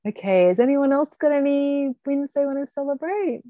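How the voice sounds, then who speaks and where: A woman coaching a group on a video call, enthusiastic and encouraging with lots of quick exclamations. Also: high-pitched, lively intonation, no room sound, lo-fi sound. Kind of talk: upbeat group call hosting.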